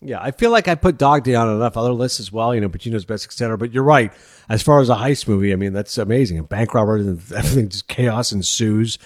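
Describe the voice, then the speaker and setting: A fast-talking man hosts a film podcast in a dry, close studio sound. He is enthusiastic and chats briskly. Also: fairly low pitch, dry recording. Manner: enthusiastic, laughs while talking. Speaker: podcast host.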